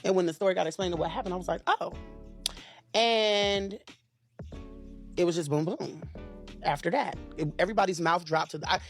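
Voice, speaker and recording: A man giving an interview, emotional and halting, often restarting and repeating himself. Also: high voice, soft background music. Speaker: interview guest.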